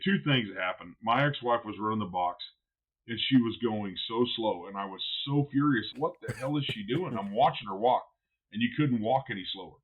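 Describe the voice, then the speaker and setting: A man who is a barbecue pitmaster, guesting on a podcast and telling stories in a blunt, animated way, swearing freely. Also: lowish voice, a little fast, narrow, tinny audio. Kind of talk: casual podcast storytelling.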